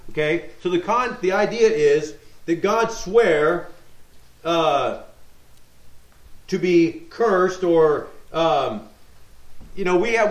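A man preaching a sermon, teaching verse by verse, reading scripture aloud and checking in with his listeners. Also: on the high side. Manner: teaching tone, reads scripture aloud, asks rhetorical questions, checks in with "okay?". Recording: echoey room.

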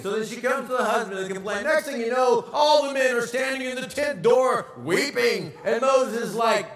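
A pastor preaching a sermon, animated and asking the congregation rhetorical questions. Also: male voice, sits high, normal speed, reverberant, distant mic.

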